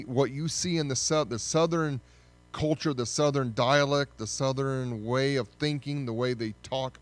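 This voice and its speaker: A man giving a casual, conversational history lesson, often pausing to correct himself. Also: medium pitch. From United States. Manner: conversational, with frequent fillers and self-corrections. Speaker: history teacher.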